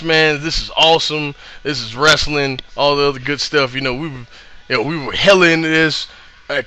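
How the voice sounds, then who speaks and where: A young man with a bright, slightly high voice, rambling through a show recap. He is excitable and laughs a lot, with fillers and curse words, and his voice sounds worn from yelling. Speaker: vlogger recapping a live wrestling show.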